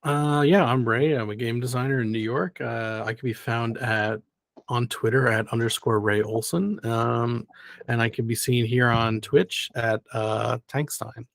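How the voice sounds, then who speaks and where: Gravelly-voiced man game designer. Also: mid-range voice, fairly even intonation, unhurried, a bit bright, dry recording, clean studio sound. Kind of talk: casual chat.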